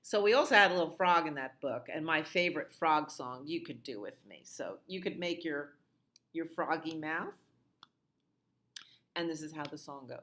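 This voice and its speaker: A middle-aged woman librarian leading a children's storytime, reading a picture book and singing in a slow, sing-song voice that leaps high on the repeated calls. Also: lively intonation, a bit bright.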